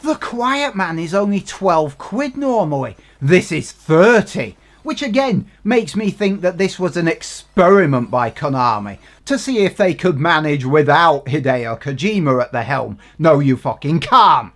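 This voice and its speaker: A man's voice: on the high side, big pitch swings, moderate pace, hardly any pauses. A man giving an exasperated, sweary, sarcastic rant in a game review.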